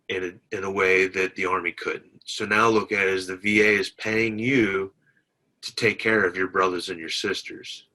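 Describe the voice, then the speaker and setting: Low monotone guy, bit of a drawl, telling his story to an interviewer. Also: low-quality recording. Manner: plainspoken, retells dialogue with many "I said". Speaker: veteran guest.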